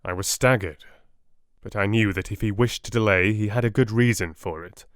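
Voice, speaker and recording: A man reading a classic novel aloud as an audiobook narrator, telling the story in the first person in a steady, measured way. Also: fairly low pitch, no room sound, clean studio sound.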